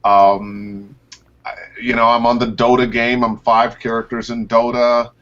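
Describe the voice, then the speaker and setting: A man, a voice actor, chats about his work in a lively way. His pitch swings high and low as he tells stories. His voice comes through a muffled, dull video call line. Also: unhurried. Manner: animated storyteller, pitch leaps up and down. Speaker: voice actor guest. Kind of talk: casual interview over a video call.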